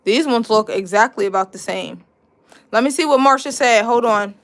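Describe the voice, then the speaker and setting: A woman's voice: a little high, moderate pace, a bit bright. A young woman, chatting casually as she teaches a live braiding class and answers viewer questions. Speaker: braiding instructor.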